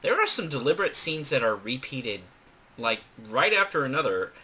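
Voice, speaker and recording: A man co-hosting a casual podcast chat, animated and jokey, breaking into playful bits. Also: medium pitch, moderate pace, breathy edge, muffled recording. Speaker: podcast co-host.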